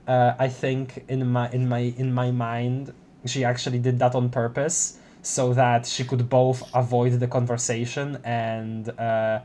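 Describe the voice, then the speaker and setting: A man's voice: mid-range voice, monotone, unhurried, darkish tone. Laughing, stammering gamer streamer man. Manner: laughs often, stammers, playful. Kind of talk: let's play commentary.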